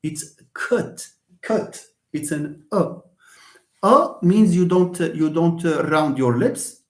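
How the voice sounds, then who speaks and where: A man's voice: fairly high pitch, expressive, slow, reverberant. A middle-aged man with a Moroccan accent teaching English pronunciation in a live online lesson, often repeating words and sounding them out for students.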